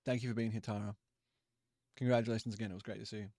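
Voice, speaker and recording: A man hosting a live stream, chatting casually and easygoing with viewers, with quick asides and apologies. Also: on the low side, little pitch movement, warm tone, dry recording, studio quality. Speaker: livestream host.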